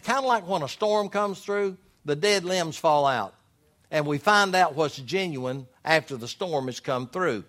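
A man preaching a sermon, reading scripture aloud with loud emphatic swells. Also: a little high.

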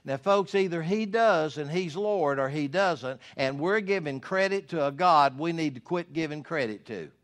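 A man's voice: a little high, moderate pace, hardly any pauses, a bit bright. A man preaching a sermon as pastor, earnest and pleading, his voice climbing when he voices prayers.

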